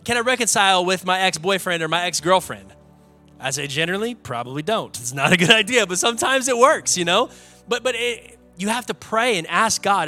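A man's voice: high-pitched, animated, normal speed, bright, forceful tone, soft background music. A young adult man, a pastor preaching an earnest, conversational sermon in a church, building to emphatic peaks. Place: church sanctuary.

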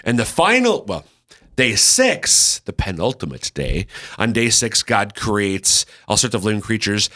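Low, bright-toned male radio host. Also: big pitch swings. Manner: thoughtful, many restarts, slows down to stress points. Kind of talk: conversational Bible teaching on a radio show.

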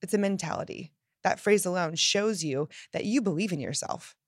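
A woman giving an upbeat motivational self-help talk, emphatic and lively, acting out the phrases she quotes. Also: fairly low pitch, moderate pace, no room sound, studio quality. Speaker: self-help podcast host.

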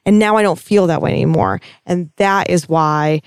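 A woman co-hosting a casual TV recap chat, talking in an animated, gushing way with some swearing. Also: fairly low pitch, normal speed, clear, resonant tone, no echo, clean studio sound. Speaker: podcast co-host.

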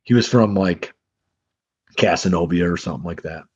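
A man's voice: deep voice, moderate pace, darkish tone, husky, no echo. A man co-hosting a sports podcast in casual chat, blunt and opinionated, swearing freely. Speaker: podcast co-host. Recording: slightly muffled lo-fi recording.

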